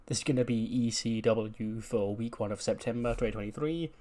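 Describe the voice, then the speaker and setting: A man's voice: medium pitch, steady tone, brisk, mellow. A man hosting a let's play of a wrestling management game, recapping results in a casual, rambling, joking way. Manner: casual, rambling, joking, with fillers like "you know".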